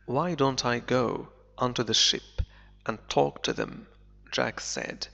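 A male English teacher whose first language is Arabic reads a story aloud, translating it line by line. He talks slowly and repeats key words for learners. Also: mid-range voice, steady tone, vocal fry, pushed and bright. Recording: echoey, dull lo-fi recording.

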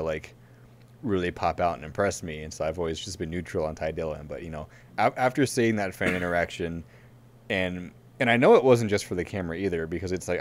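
A man co-hosting a racing podcast in casual chat, telling a long rambling story full of fillers and frequent laughs. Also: low-pitched. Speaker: podcast co-host.

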